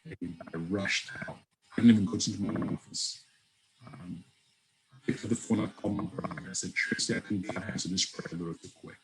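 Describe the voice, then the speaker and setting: A man with a low voice recounts a personal story as a guest in an interview, speaking briskly and performing other people's dialogue in animated fashion. The audio is low quality, and his line breaks up now and then.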